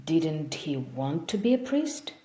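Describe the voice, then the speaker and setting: A woman's voice: deep voice, sing-song, measured pace, warm tone. Woman reading as a nervous young male interviewer. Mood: nervous, eager. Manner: eager, hesitant questions. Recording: roomy echo.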